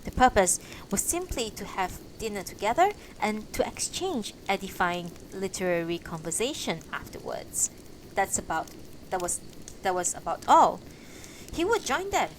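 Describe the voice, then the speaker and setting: A woman reading a classic novel aloud on a live stream, with a lively voice that swings up and down through each sentence. Between passages she drops into casual, blunt asides. A faint hum of room ambience sits underneath. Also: medium pitch, rough recording. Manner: expressive reading broken by casual, profane asides. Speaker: audiobook reader and streamer.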